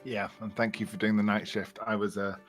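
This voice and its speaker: A man's voice: on the low side, level tone, brisk, a bit bright, soft background music. A man hosting a casual charity stream panel, tired after a long event and rambling with many restarts.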